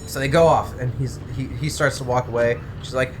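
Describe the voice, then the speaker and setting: A young man chatting casually, rambling through a long story in an animated, offhand way, breaking off to swear and make asides. His voice sits at an ordinary middle pitch. A faint hiss of background noise runs underneath. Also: brisk, few pauses. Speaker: co-host. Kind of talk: casual chat while gaming.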